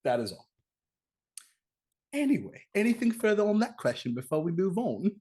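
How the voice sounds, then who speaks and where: A man's voice: high-pitched, sing-song, moderate pace, a little mellow. A man moderating a casual panel discussion, talking animatedly with lots of fillers and restarts.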